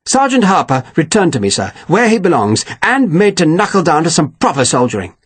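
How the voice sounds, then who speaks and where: A man's voice: on the high side, sing-song, brisk, slightly rough, voice pushed up. A man voicing a stiff, pushy army captain who speaks in a clipped, officious, complaining way. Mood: aggrieved.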